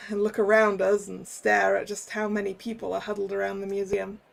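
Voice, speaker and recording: A streamer voicing a polite young male detective with a put-on northern English accent, a bit gravelly. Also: high voice, monotone, brisk, a bit bright, a little hiss or hum, full character voice. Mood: earnest. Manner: earnest, polite. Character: young male detective newly arrived from Manchester.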